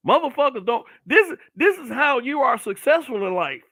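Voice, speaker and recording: A middle-aged man hosts his own solo broadcast, ranting bluntly with lots of profanity. His voice sits high and sounds bright and forceful. It is recorded close and dry. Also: big pitch swings, normal speed, no room sound. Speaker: online talk show host. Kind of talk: brutally honest solo commentary broadcast.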